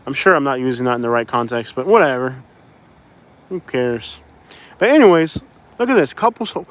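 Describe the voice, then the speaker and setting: This vlogger, a man from Miami, Florida, talks at normal speed in a mid-range voice. His casual chat to camera is loose and jokey, wandering between thoughts as he calls his viewers y'all.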